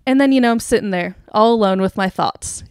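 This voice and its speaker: A young woman co-hosting a podcast, telling a story in a casual, animated way, laughing and acting out quotes. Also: mid-range voice, brisk, clean tone, no echo, studio quality. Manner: animated, giggly, acts out quotes. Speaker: podcast co-host.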